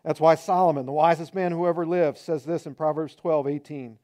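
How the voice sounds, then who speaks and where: A middle-aged man preaching a sermon as pastor, conversational and animated, acting out quoted remarks. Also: fairly high pitch, a little fast.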